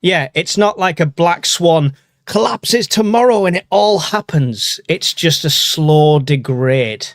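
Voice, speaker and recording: A man's voice: fairly high pitch, expressive, slow, no echo. Man, British, podcast host, casual live chat, jokey, dry close sound. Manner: laughs often, chatty and joking.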